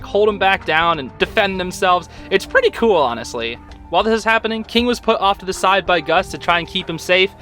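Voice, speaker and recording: A young man with a high, sharply bright voice recaps an episode in casual talk. He sounds excitable and informal, with slang and plenty of fillers, over faint music. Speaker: host.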